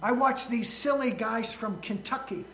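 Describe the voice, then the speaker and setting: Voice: medium pitch, moderate pace, pushed and bright, echoey room, a little hiss or hum, rough recording. A pastor preaching a sermon in a folksy, joking way, asking the congregation questions along the way.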